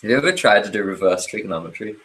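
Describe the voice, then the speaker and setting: Low-voiced laid-back man on a podcast. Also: expressive, very fast, a bit bright, poor audio. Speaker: podcast co-host. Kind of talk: casual chat.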